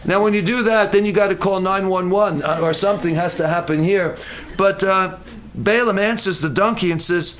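Man, preacher, sermon, high voice, jokey asides, stumbling restarts. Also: normal speed, fairly bright tone.

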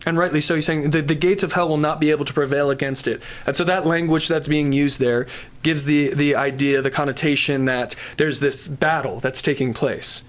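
A man's voice: a little high, fairly even intonation, a little fast. A man preaching a sermon in a church service, emphatic and building to exhortation before moving into prayer. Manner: slips into prayer. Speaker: pastor.

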